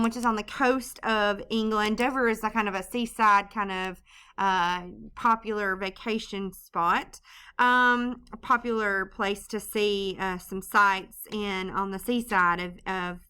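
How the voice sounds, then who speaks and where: A woman's voice: mid-range voice, bright, forceful tone, clean tone. A woman teaching a literature lesson in a casual recorded lecture, with frequent ums and restarts. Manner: casual, loose delivery with many ums and restarts.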